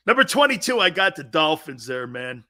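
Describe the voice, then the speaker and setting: A man's voice: fairly high pitch, bright, forceful tone. A man hosting a sports talk show in a blunt, profane, mocking monologue, laughing often.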